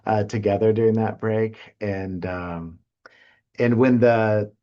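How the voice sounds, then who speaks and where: A man speaking on a panel in a halting, casual way with many fillers and restarts. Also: fairly low pitch, darkish tone, muffled recording. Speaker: presenter.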